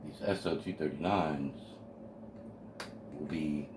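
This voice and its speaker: A man with a very deep voice walks through a kit build step by step at his workbench. He sounds eager and easily excited as he explains. The home video recording carries a steady hiss of background noise. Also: slow pace. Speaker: amateur radio hobbyist building a kit. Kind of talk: hands-on kit assembly walkthrough.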